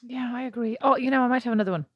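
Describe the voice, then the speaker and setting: A woman's voice: on the high side, rapid-fire, no echo, highs cut off. An Irish woman co-hosting a podcast, playful and teasing, reading listener messages aloud. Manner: playful, teasing, laughs easily. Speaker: podcast co-host.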